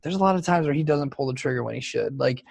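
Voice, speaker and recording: A man's voice: medium pitch, animated, fast, gravelly, darkish tone, breathy edge, no echo. A man co-hosting a sports podcast in casual chat, blunt and opinionated, sounding tired late at night. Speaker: podcast co-host.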